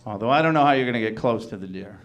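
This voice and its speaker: A man's voice: mid-range voice, animated, racing, highs cut off. A man from Wisconsin doing a stand-up comedy set on a club stage, rambling and chuckling at his own jokes as he slips into mock voices.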